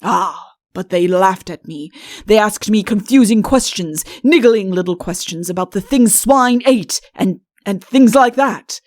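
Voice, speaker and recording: A woman voicing a self-pitying, deposed male king in an audiobook, speaking slowly and earnestly. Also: medium pitch, a little mellow, no echo, studio quality, lightly acted. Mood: plaintive. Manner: slow, earnest, imploring delivery. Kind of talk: audiobook character reading.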